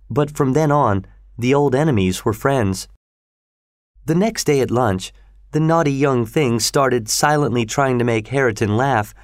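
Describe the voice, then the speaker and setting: Man, audiobook narrator, steady measured storytelling, dry close sound. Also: mid-range voice, no room sound.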